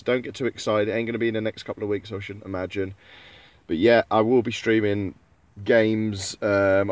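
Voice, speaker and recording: A man's voice: fairly low pitch, no echo. A man chatting casually to viewers on a live stream, laughing often, swearing freely and breaking into coughing fits.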